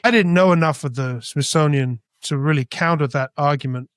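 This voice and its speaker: A man from Britain by birth and Spain by upbringing tells his story as a guest. He is animated and acts out the dialogue, in a slightly high voice. The sound is dry and close. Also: a little fast, no echo. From born in Britain, raised in Spain. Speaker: guest artist. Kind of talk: storytelling interview.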